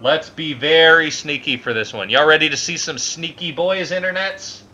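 A man hosting a casual gameplay session with loud, crude banter and bursts of shouting. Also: fairly high pitch, normal speed, highs cut off, slight background noise. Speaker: let's play host.

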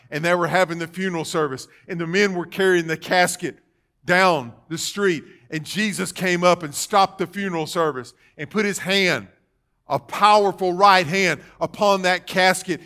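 A man preaching a sermon as pastor, calling out questions to the congregation and rising to loud, fervent passages. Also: fairly high pitch. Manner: call-and-response preaching, rising to loud fervor. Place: church sanctuary.

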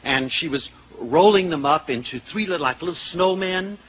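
A man giving a public lecture to an audience. He tells stories in an animated way, with self-mocking humor. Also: a little high, moderate pace, slight background noise, rough recording.

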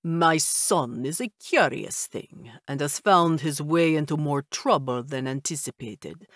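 A man's voice: on the high side, a bit bright, no echo, studio quality. Woman voicing a stiff winged creature with a vampire accent. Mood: earnest. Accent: old-world vampire accent. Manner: stiff formal speech, slow and deliberate. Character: winged male creature, new father, formal. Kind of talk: audiobook character voice.

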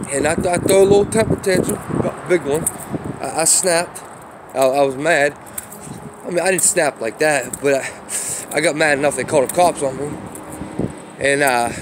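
A man's voice: fairly high pitch, background noise. Rambling man venting on a street. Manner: rambling, profane, apologetic asides. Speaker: vlogger. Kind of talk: casual rant while walking. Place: outdoors on a city street.

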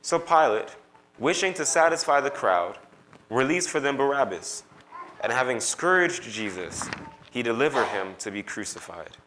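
A man giving a measured, expressive public scripture reading in a church. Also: medium pitch, slight background noise, rough recording. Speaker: scripture reader.

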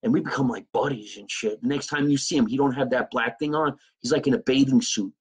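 A man's voice: medium pitch, fast talker, husky, low-quality recording. A man hosting a comedy podcast, telling a rambling, profane, improvised comic story.

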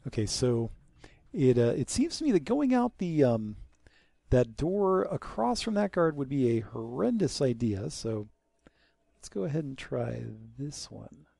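A young man giving casual gameplay commentary, joking and sarcastic, muttering quietly during stealth moments. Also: medium pitch, sing-song, measured pace, gravelly, no room sound. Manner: joking, sarcastic, drops to a mutter while sneaking. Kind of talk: casual let's-play commentary.

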